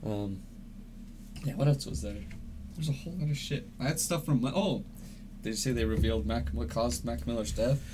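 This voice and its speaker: A man's voice: mid-range voice, moderate pace, darkish tone. A young man chatting casually as a podcast co-host, laid-back and swearing freely, often laughing. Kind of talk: casual chat. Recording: faint background noise.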